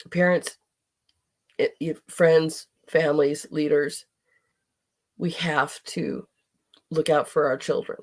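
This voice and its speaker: A woman's voice: low-pitched, steady tone, slow pace, pauses often. A middle-aged woman hosting a podcast, speaking in an impassioned, indignant monologue and at times near tears. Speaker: podcast host.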